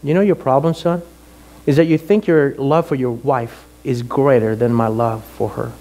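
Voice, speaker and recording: A man voicing God as a calm, fatherly figure who speaks slowly and solemnly. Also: medium pitch, lightly acted.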